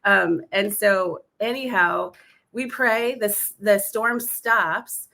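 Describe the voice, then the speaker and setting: Animated woman telling her story. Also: medium pitch, gravelly. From Alaska. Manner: animated, quick, acts out voices in her story. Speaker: podcast guest. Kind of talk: storytelling testimony.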